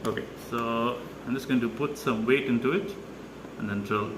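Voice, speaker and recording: A man's voice: medium pitch, fairly even intonation, moderate pace, background noise. Man narrating his drilling, hesitant. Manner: hesitant, many "uh" fillers, explains step by step. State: slightly out of breath. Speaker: DIY video maker. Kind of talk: casual how-to narration while working.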